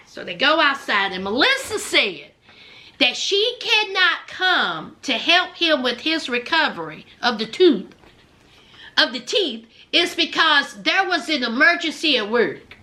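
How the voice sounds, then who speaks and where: Sassy high-voiced woman recapping reality TV. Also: slow. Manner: sassy, animated, addresses people on the show directly. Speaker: reality show recap commentator. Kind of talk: casual commentary recap.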